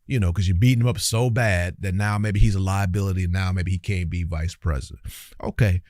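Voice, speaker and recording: A man's voice: low-pitched, steady tone, a little fast, a little mellow, no room sound, studio quality. A man hosting a reaction commentary, talking in a heated, preachy, colloquial way and speaking straight to his viewers. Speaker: commentary channel host.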